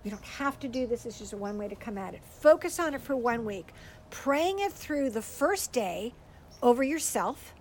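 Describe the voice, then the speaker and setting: An older woman giving a gentle, earnest faith teaching to a group, tearful at times as she speaks. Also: on the high side, expressive, moderate pace, slight background noise, poor audio. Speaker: speaker teaching on prayer for children.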